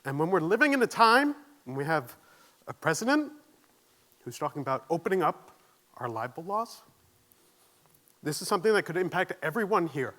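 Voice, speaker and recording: A man's voice: fairly high pitch, sing-song, normal speed, pauses often, sharp tone. A man giving a conference keynote, nervous but earnest, asking the audience questions and joking at his own expense. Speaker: keynote speaker. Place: conference stage.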